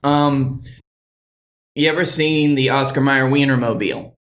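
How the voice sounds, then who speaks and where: Relaxed man in an echoey room. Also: medium pitch, unhurried. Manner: relaxed, agreeable, reads sauce notes calmly. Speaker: podcast co-host. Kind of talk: casual hot-sauce challenge chat.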